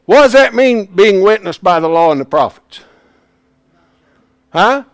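Animated man teaching a Bible class. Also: high-pitched, unhurried, dry recording, studio quality. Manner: animated, swings from hushed asides to loud emphasis; folksy, plain-spoken.

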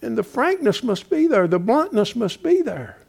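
A man preaching a fiery sermon in a high, lively voice that leaps up and down. He drives his points with loud, emphatic urging, then sinks to quiet pleading, and he scatters "bless God" through his talk. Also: moderate pace, creaky. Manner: repeats "bless God" as a filler.

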